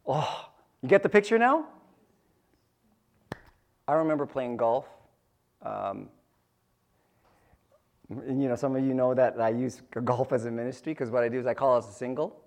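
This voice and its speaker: A man's voice: medium pitch, expressive, moderate pace, creaky, pauses often. A man preaching a sermon in a conversational, storytelling way, often asking his listeners questions and repeating phrases for emphasis. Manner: repeats phrases, restarts sentences.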